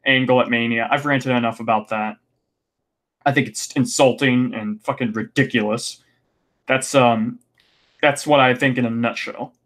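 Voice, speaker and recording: A man's voice: a little high, fairly bright tone. Ranting man hosting a podcast. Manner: ranting, exasperated, frequent "um" fillers and restarts. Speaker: podcast host. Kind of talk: casual podcast recap.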